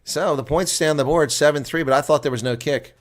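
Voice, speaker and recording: A man giving live play-by-play rugby commentary as a solo reaction streamer, talking casually and getting louder and more worked up when attacks build near the try line. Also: a little high, a little fast. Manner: excitable, rising to near shouting on attacking plays.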